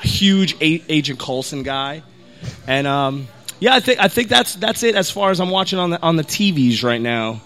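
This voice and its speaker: A young man with a bright, forceful and fairly high voice talks excitedly on a podcast. He laughs easily and slips into playful acted-out scenes as he chats. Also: moderate pace, faint music behind. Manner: excitable, laughs often, acts out quoted scenes. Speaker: podcast panelist. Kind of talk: casual podcast chat.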